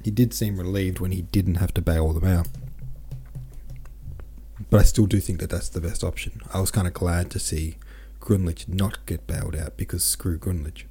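A man hosting a podcast, reading a novel aloud with relaxed, chatty asides. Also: low voice, moderate pace. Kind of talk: casual commentary and audiobook reading.

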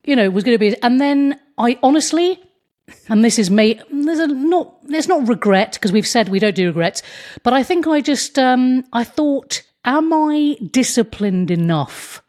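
Animated woman telling stories. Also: high voice, moderate pace. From England. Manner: animated storytelling, slips into put-on voices. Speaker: guest comedian. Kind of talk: casual interview chat.

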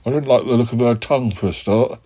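A man's voice: medium pitch, quick pace, mellow, slightly rough. A man hosting a comedy podcast in an improvised sketch, with a mid-range voice. He is polite and dithering, stumbling over his words with plenty of ums. The audio is a little dull and lo-fi. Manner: hesitant and polite, full of ums and stammered restarts. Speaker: podcast host.

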